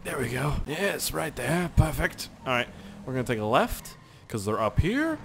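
Excitable young man yelling through gameplay. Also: medium pitch, moderate pace, gravelly, slight background noise. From Canada. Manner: excitable, swearing, laughing, yelling at the game. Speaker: gaming YouTuber. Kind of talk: casual gameplay commentary.

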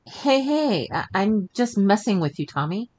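A man's voice: sits high, big pitch swings, unhurried, darkish tone, a little hiss or hum, voice pushed up. A man voicing a playful, caring young wife in a creepypasta story, in a raised, thin tone. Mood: soothing.

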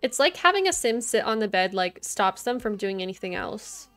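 A very animated young woman with a mid-range voice speaks at normal speed during her life-sim game stream. She chats casually with viewers and her characters alike and giggles often, while soft music from the game plays.

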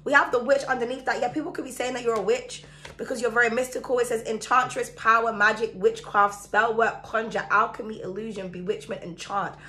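A woman's voice: on the high side, fairly even intonation, brisk, bright, forceful tone. A woman from the Caribbean giving a chatty, emphatic tarot reading, speaking straight to the viewer. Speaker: tarot reader.

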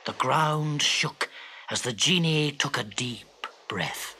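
A man narrating a children's audiobook story in an expressive, dramatic way. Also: on the high side, takes it slowly, breathy edge.

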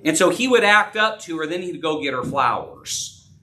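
A middle-aged man preaching a sermon as pastor, earnest, rising and dropping in pitch and loudness. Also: lively intonation, moderate pace. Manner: earnest preaching, rises and drops in pitch and volume. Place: church sanctuary. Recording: echoey room, voice from a distance.

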